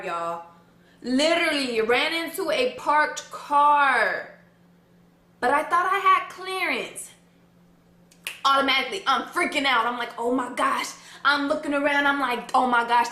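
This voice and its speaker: High, bright-voiced young woman telling a story. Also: reverberant. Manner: animated, dramatic, swears freely. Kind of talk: casual storytime.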